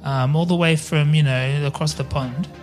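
A man's voice: fairly high pitch, steady tone, moderate pace, soft background music. A man co-hosting a casual film-review chat, rambling through lists and laughing easily. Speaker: podcast co-host.

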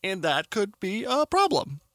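A man's voice: high voice, wildly swooping pitch, measured pace, sharp tone, dry recording. A man hosting a tech news show, reading stories with sarcastic joking asides. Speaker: host. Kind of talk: casual tech news commentary.

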